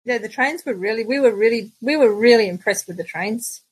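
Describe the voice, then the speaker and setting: A woman's voice: a little high, fairly quick, breathy edge, dry recording, low-quality recording. A middle-aged Australian woman, a podcast guest, telling stories in casual chat and laughing often. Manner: chatty storyteller, laughs often.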